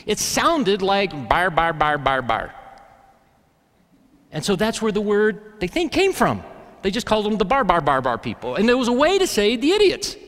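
Guy preaching a sermon, chatty then suddenly emphatic, higher voice that swings all over, long church echo. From Alabama, US South. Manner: conversational preaching, rises to emphatic peaks. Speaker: pastor.

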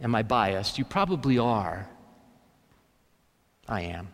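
A man's voice: fairly low pitch, big pitch swings, slow, big-room sound. A man preaching a sermon in an easy, conversational way, with bursts of emphasis. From Alabama, US South. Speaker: pastor.

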